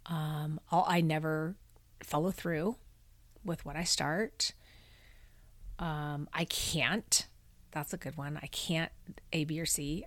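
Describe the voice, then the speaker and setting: A woman's voice: sits low, no echo. A middle-aged woman hosting her own podcast, telling a personal story candidly and emotionally, with many fillers. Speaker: podcast host. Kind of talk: personal monologue.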